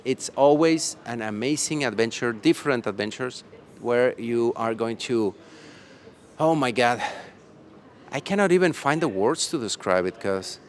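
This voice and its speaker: Broadcasting live from a conference hall once the event has wrapped, a slightly tired male host chats playfully, rambles, and laughs a lot. His medium-pitched voice is expressive and unhurried, with a little hiss or hum in the audio.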